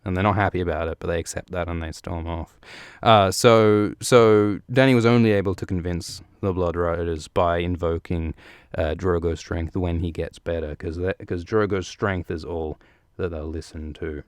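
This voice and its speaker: Deep-voiced man recapping casually. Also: fairly even intonation, moderate pace, smooth, no echo, studio quality. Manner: joking, profane, rambling with fillers. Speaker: podcast host.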